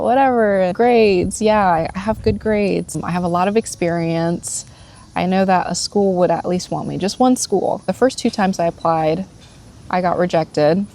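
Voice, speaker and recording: A woman's voice: fairly low pitch, darkish tone, slight background noise. A woman in her twenties talking casually to camera from a park bench, nervous and chatty. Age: 20s. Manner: nervous, chatty, laughs often. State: tearful at times. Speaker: vlogger. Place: bench in a public park, outdoors. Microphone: phone or camera propped on a bag.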